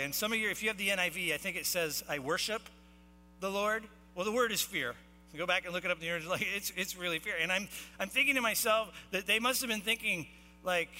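A man preaching a sermon as pastor, reading scripture and explaining it in casual, animated talk. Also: high-pitched, quick pace. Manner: animated, acts out the sailors' shouting. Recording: long hall reverb, faint music and mains hum.

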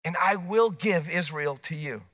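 Bright, high-voiced male preacher. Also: unhurried. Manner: animated storytelling with voiced asides. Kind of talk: sermon.

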